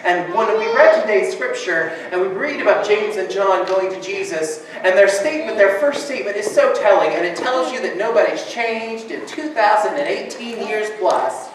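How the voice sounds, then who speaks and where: Laughing pastor in an echoey church. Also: male voice, high voice, lively intonation, moderate pace, few pauses. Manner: chatty, laughs often. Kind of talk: sermon with humorous storytelling. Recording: echoey hall from far off, noisy.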